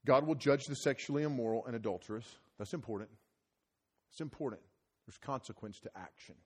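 Husky middle-aged male preacher. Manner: animated, rises loud and high when telling stories. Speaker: conference speaker preaching. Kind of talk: sermon with personal storytelling. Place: conference hall.

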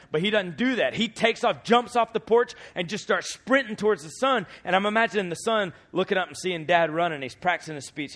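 A man in his thirties preaching a sermon, telling a story with acted-out voices and shouted peaks. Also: high-pitched, a little fast, hardly any pauses. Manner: animated storyteller, acts out voices, shouts at climaxes.

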